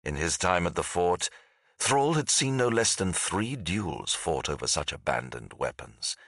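A man reading fantasy fiction aloud as an audiobook narrator, with a measured, dramatic storytelling delivery. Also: deep voice, very animated, fairly bright tone, no room sound, studio quality.

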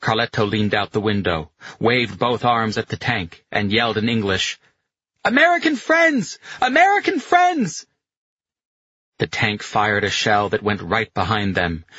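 A man narrates a novel in a steady, measured way. His voice is very deep and husky, with a forceful edge. The recording is dry and slightly muffled. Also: no room sound. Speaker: audiobook narrator. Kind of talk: scripted narration of a war novel.

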